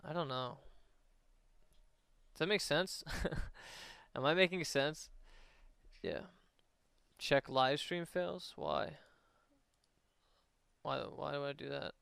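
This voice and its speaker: A man's voice: mid-range voice, a little slow, vocal fry, long pauses, fairly bright tone, clean tone, no room sound. A young man on a casual livestream, talking in a rambling, profane way with lots of fillers.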